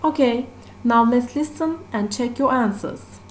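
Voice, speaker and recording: A woman teacher with a Turkish accent who explains English vocabulary slowly, repeating each word and stressing its syllables. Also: fairly high pitch, darkish tone, a little hiss or hum. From Turkey. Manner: slow and repetitive, stressing syllables. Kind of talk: classroom vocabulary lesson.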